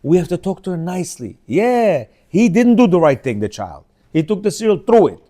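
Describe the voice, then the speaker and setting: High-pitched and fairly quick, this fifty-something man teaches a casual religious class through stories. He performs the dialogue in changing voices and keeps asking his audience rhetorical questions.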